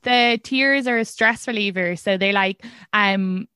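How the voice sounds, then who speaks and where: A young woman hosting a podcast, chatting casually and rambling with quick laughs. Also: medium pitch, sharp tone, clean tone, no room sound, clean studio sound. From abroad from the guests. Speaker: podcast host. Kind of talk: casual interview chat.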